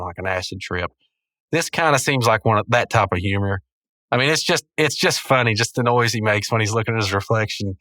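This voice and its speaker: Rambling podcast host recapping a cartoon. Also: male voice, on the low side, bright, forceful tone, dry recording. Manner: rambling, self-correcting, chuckling. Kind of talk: casual episode recap.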